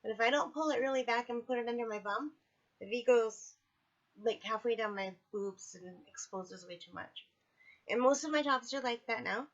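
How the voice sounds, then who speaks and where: Woman vlogger, fairly high voice, chatty and candid, recovering and sore, dull lo-fi home audio. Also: normal speed, fairly bright tone. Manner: chatty, candid, apologetic asides. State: recovering from surgery, in pain. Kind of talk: casual personal video diary. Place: at home, indoors.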